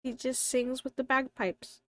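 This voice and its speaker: A woman's voice: high-pitched, fairly even intonation, measured pace, fairly bright tone. A young woman with a slight lisp, chatting casually on a live stream, thinking aloud and talking to her viewers. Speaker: live streamer and tabletop player.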